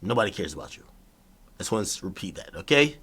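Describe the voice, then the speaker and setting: A man ranting in a solo monologue, mocking and boastful, going from loud taunts to low muttered asides. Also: very animated, a little fast, husky. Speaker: streamer.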